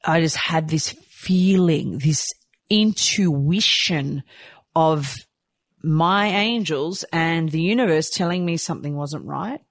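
A woman telling a personal story candidly and from the heart, rushing and restarting her sentences. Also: deep voice, no room sound. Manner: heartfelt, rushed, with frequent restarts. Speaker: storyteller sharing a personal experience.

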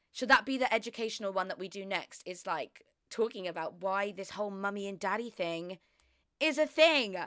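A young woman hosts a solo podcast chat in a frank, chatty way, laughing and swearing freely. Her voice sits at an everyday middle pitch. It is recorded close and dry, with no room sound. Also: a bit bright, clear, resonant tone, dry recording. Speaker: podcast host.

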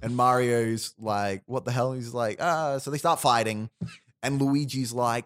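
With fairly even intonation and a medium pitch, a man speaks a little slowly while pitching a fictional movie plot to friends in casual chat. He rambles, restarts, and quotes characters, in studio-quality sound with no room tone.

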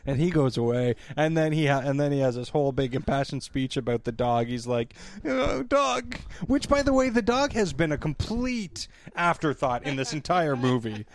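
A man's voice: mid-range voice, expressive, fairly quick, few pauses. A man on a podcast, recapping a movie as a casual comedic chat, acting out the characters, laughing often and swearing.

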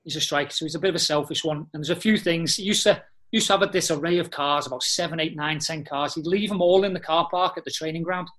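A man tells animated, blunt dressing-room stories, full of slang and swearing. His voice sits a little high for a man. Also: quick pace, few pauses. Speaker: podcast guest, former footballer. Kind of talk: casual storytelling chat.

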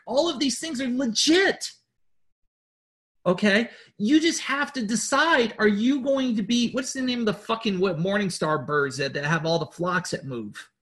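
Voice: medium pitch, a bit bright. Blunt, profane spiritual leader urging followers. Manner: blunt, profane, repetitive and rambling; insistent, urging listeners. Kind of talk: informal motivational address.

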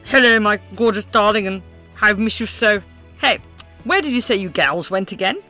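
A woman's voice: medium pitch, normal speed, pushed and bright, faint music behind, pitched above the performer's own voice, lightly acted. A woman voicing a brash, cheery American husband in a comic audio sketch, with a breezy, showy drawl.

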